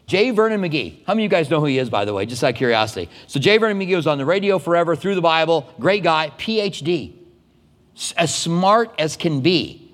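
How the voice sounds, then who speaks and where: A man preaching as a pastor, telling stories in a conversational, animated way with quick asides. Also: a little high. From United States. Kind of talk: sermon. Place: church sanctuary. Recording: long hall reverb.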